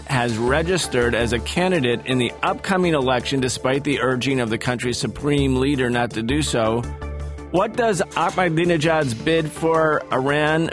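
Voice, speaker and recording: A man hosting a political radio talk show, asking questions in a measured, deliberate way. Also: medium pitch.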